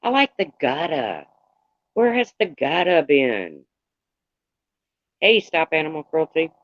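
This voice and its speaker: A man's voice: a little high, big pitch swings, slow pace, no echo. Rambling man on a dull livestream. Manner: rambling and candid, greets viewers by name. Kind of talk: casual livestream chat.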